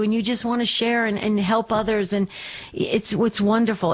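Woman radio host, mid-pitched, encouraging and affirming with callers. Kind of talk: call-in radio hosting.

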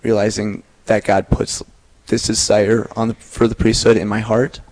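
A young man in his twenties speaks as an interview guest, easygoing and quick to laugh. His voice sits a little low. He answers plainly and without fuss. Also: little pitch movement, a little mellow, poor audio. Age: 20s. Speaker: seminarian guest. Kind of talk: casual interview chat.

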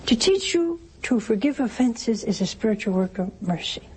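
A woman's voice: a little high, animated, moderate pace, darkish tone, slightly rough. An older woman preaching a sermon in a homespun, teasing way, asking rhetorical questions and acting out little everyday scenes. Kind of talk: sermon on works of mercy.

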